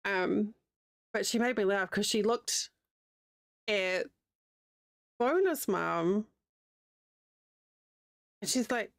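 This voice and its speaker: A woman's voice: mid-range voice, animated, slow pace, long pauses, no echo, clean studio sound. A woman in her thirties with a New Zealand accent, chatting casually and rambling while crocheting on a livestream, laughing easily. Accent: New Zealand, with a slight American Southern tinge.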